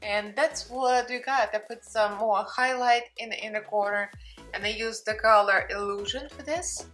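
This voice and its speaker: A woman's voice: mid-range voice, normal speed, a bit bright, soft background music. Chatty Russian-accented woman beauty vlogger. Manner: chatty, talks to her cat between steps. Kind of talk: casual makeup tutorial chat.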